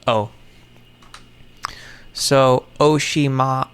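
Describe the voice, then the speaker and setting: A man's voice: medium pitch, steady tone, extremely slow, clean tone. A man thinking aloud to himself in casual solo commentary, muttering, sarcastic and swearing offhandedly. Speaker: content creator. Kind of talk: casual solo commentary while puzzling something out.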